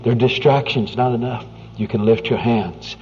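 A man preaching a sermon in an earnest, conversational way, often dropping to a hushed near-whisper. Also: mid-range voice, normal speed. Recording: dull lo-fi recording with faint music.

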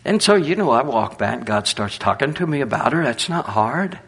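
An older man preaching, telling animated folksy stories and laughing through them. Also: mid-range voice, normal speed, creaky, breathy edge. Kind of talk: storytelling sermon.

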